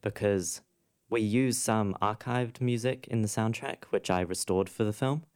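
A man's voice: fairly low pitch, a little slow, a little mellow, smooth. A man, a composer being interviewed, explaining his work thoughtfully and at length. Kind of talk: interview conversation.

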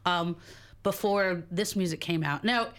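A woman's voice: fairly low pitch, measured pace. A woman with her morning voice on, chatting and explaining music on a radio segment, with fillers and laughs. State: morning voice, a little low. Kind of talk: casual radio chat.

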